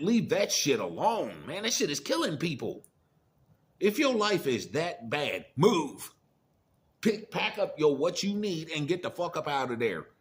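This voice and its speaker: Middle-aged man ranting bluntly. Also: on the high side. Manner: profane, preachy, blunt warnings. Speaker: commentator. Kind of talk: casual monologue rant.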